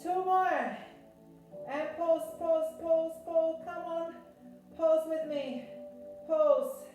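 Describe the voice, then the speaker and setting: A woman's voice: very high voice, steady tone, extremely slow, dark tone, very echoey, recorded from a distance, faint music behind, rough recording. Breathless woman coaching a home workout. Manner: encouraging, counting reps, puffing while exercising. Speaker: fitness instructor.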